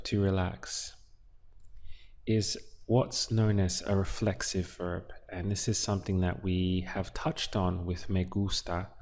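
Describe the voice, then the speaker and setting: A man's voice: sits low, gravelly, darkish tone. A man teaching a Spanish lesson, explaining translations word by word. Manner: slow, explanatory, talks through each word. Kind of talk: relaxed language lesson.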